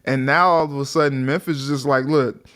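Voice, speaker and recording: A man's voice: mid-range voice, a little fast. A man co-hosting a sports talk show, chatting casually and animatedly, often acting out what players might say. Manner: animated, acts out players' voices in quotes. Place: sports office studio.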